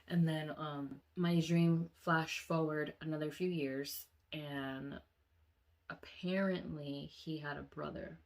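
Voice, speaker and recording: A young woman vlogging about a nightmare, telling it casually and leaping into high, shouted voices for the people in her dream, then dropping to a soft murmur. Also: slow pace. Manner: animated storyteller, acts out quoted voices with sudden high pitch jumps; drops to a soft, low murmur when reflecting.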